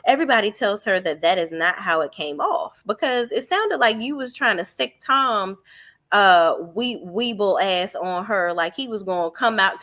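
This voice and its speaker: A woman's voice: mid-range voice, fairly bright tone. A woman recapping a reality TV show live, blunt, profane and mocking the cast.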